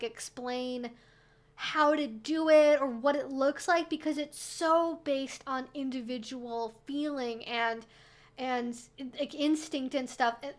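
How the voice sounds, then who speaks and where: A young woman hosting a casual livestream Q&A, chatty with lots of fillers and sarcastic asides. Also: high voice. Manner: soft baby talk to her dog. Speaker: streamer hosting a weekly Q&A.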